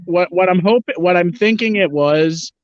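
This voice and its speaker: A man's voice: sits high, moderate pace, dry recording. A man rambling through wrestling opinions on a video call, talking casually and swearing. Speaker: livestream co-host. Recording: dull lo-fi call audio.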